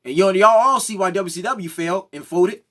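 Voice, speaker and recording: Heated high-voiced man ranting. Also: moderate pace, sharp tone. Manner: heated, repeats "right?" and "come on now, man". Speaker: commentary vlogger. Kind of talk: opinionated monologue.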